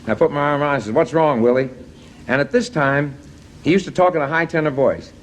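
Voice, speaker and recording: A middle-aged man, a baseball manager and guest on a TV talk show, telling blunt, jokey anecdotes in animated chat. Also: a little high, fast, a little hiss or hum.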